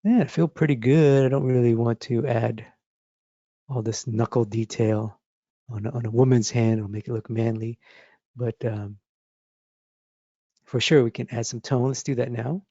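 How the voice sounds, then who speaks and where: A man teaching drawing, talking through his sketch step by step as he works, thinking aloud in a relaxed, encouraging way. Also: medium pitch, normal speed, pauses often, no echo, highs cut off. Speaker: drawing instructor. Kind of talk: live drawing demonstration.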